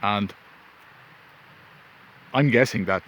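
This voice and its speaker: A man's voice: fairly low pitch, extremely slow, a bit bright. A man casually telling a rambling personal story outdoors, recorded on a phone in the wind. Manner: rambling anecdotal, self-interrupting. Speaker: vlogger. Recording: faint wind and ambience.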